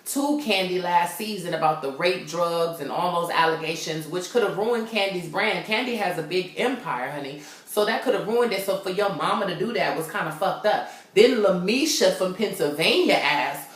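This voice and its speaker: Sassy woman vlogger, brash and profane, low voice, roomy echo. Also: lively intonation, normal speed, few pauses. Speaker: reality TV recap vlogger. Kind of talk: casual, sassy commentary.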